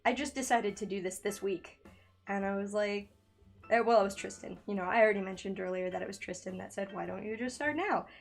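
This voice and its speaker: A woman's voice: medium pitch, fairly quick, vocal fry, faint music behind. Giggly, nervous young woman streamer. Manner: nervous, giggly, loses her train of thought. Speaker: streamer and digital artist. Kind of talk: casual live-stream chat while drawing. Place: home room by a window. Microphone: studio microphone in a makeshift home setup.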